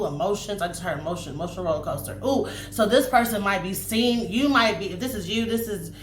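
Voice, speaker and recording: A woman's voice: mid-range voice, brisk, hardly any pauses. Chatty tarot-reading woman, echoey room. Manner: chatty, animated, swears freely, acts out spirit messages. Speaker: tarot reader. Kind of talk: casual tarot reading to camera. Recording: echoey room, faint noise.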